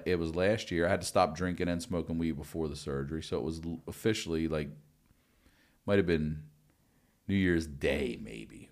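A man telling stories in a casual podcast chat, cursing freely and acting out quoted dialogue. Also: very deep voice. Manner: profane, animated storytelling with quoted dialogue. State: recovering from lung blood clots. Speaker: guest.

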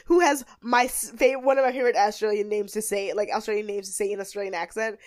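A woman's voice: medium pitch, brisk, hardly any pauses. A woman co-hosting a podcast, recapping a reality show in a casual, chatty way with lots of fillers. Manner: animated, chatty, many fillers. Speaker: podcast co-host.

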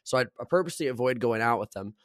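A man's voice: medium pitch, rapid-fire, dry recording, clean studio sound. Blunt, profane young male podcaster. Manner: blunt, profane, animated storyteller. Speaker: podcast co-host. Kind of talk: casual chat.

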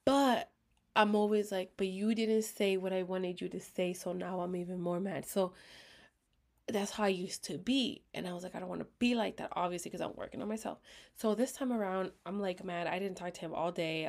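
A woman casually telling a personal story to her viewers, candid and expressive, swearing freely and slipping into half-whispers, with a dry throat she keeps clearing. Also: on the low side, fairly quick. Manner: talks in bursts, often drops to a half-whisper. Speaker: vlogger.

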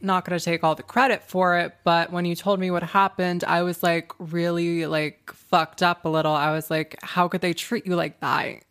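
A low-pitched woman co-hosting a casual podcast. She talks bluntly, throwing in swear words as she chats. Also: flat delivery, moderate pace, few pauses, a bit bright, clear, resonant tone. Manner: blunt, swears, laughs along. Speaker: podcast co-host. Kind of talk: casual chat.

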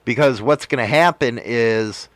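A man's voice: medium pitch, a little slow, fairly bright tone, no room sound. A man hosting a casual podcast chat, talking emphatically and swearing freely. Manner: profane, emphatic storytelling. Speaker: podcast host and motovlogger.

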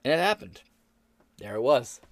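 A man's voice: mid-range voice, big pitch swings, normal speed, dry recording. Blunt, profane American man ranting. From United States. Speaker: podcast host. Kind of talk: political commentary, reading headlines aloud.

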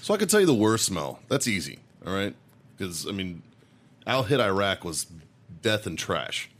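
A man's voice: low voice, moderate pace. A man co-hosting a podcast, telling a crude story in casual chat, swearing and laughing often. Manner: profane, excitable, laughing storyteller. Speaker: podcast co-host.

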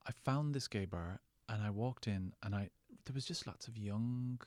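A man's voice: on the low side, moderate pace, a little mellow, dry recording. An Irish man, a guest actor and writer, telling rambling, wry, self-deprecating stories in a casual interview. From Ireland.

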